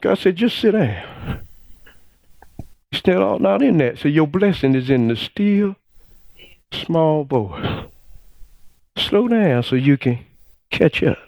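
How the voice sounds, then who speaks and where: A middle-aged man preaching a sermon as pastor. He shouts exclamations, calls for response from the congregation, and stretches out key phrases for emphasis. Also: a little high, lively intonation, slow pace, creaky, pauses often, no room sound.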